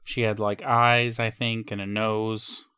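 A man's voice: lowish voice, flat delivery, slow pace, sharp tone, smooth. A man co-hosting a podcast, chatting casually with wry quips and frequent laughter. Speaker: podcast co-host. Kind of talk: casual chat.

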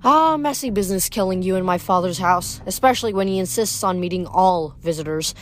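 A woman reading a book aloud, voicing a cold, scheming female snow goddess in an unhurried, purring way. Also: fairly low pitch, expressive, faint music behind, natural voice. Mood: silky, scheming. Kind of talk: read-aloud book narration.

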